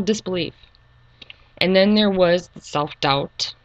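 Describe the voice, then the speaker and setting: A middle-aged woman talking earnestly and hesitantly in a personal video monologue, pausing with frequent ums. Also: on the low side, creaky, no room sound, muffled recording. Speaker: YouTube channel creator.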